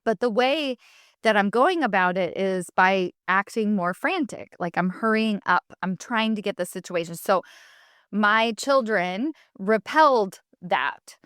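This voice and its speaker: A woman hosting a solo podcast, talking to listeners in a candid, story-driven way that moves into practical coaching. Her voice is smooth and clear, at a middle pitch. The sound is close and dry. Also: animated, a little slow, a bit bright, dry recording. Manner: candid, chatty storytelling with self-quotes; coaching, advice-giving. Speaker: podcast host.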